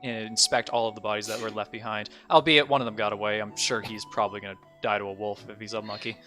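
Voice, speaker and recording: A man's voice: on the low side, level tone, quick pace, pushed and bright, faint music behind. A man narrating a tabletop game as dungeon master, rambling with many fillers and bursts of laughter.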